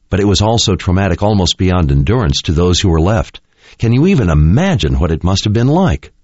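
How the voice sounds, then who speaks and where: A man reading a fantasy novel aloud in an expressive, dramatic style. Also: low voice, no room sound. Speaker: audiobook narrator. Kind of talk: scripted narration. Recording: dull lo-fi dry recording.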